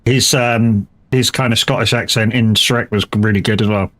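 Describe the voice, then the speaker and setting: A man's voice: lowish voice, fairly even intonation, normal speed, fairly bright tone. A man chatting casually during a live game stream, rambling and swearing freely with many restarts.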